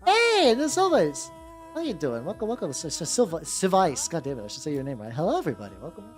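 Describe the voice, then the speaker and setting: A woman with a lowish voice talks fast, her pitch swooping wildly, as she streams herself painting miniatures. She chats casually and rambles, swears freely, and keeps restarting her sentences. Faint music plays in the background.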